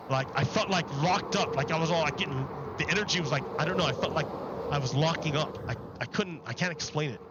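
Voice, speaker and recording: A man's voice: on the high side, fast, muffled recording, heavy background noise. A man chatting casually on a livestream while gaming, rambling and filling his talk with "like". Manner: rambling, heavy use of "like".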